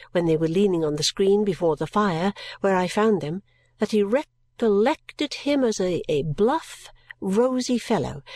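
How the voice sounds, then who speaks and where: A woman narrating a classic novel aloud in a gentle, measured storytelling manner. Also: medium pitch, dry recording. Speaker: audiobook narrator.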